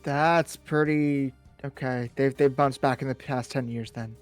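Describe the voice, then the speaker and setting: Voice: mid-range voice, fairly even intonation, a little slow, soft background music. A player in a tabletop role-playing game, moving between in-character talk and out-of-character asides and repeating words when unsure.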